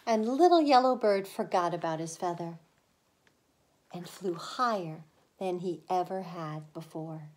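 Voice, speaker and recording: A woman preschool teacher reading a picture book aloud to young children, slow and expressive, with lifts in pitch on some lines. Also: slight background noise.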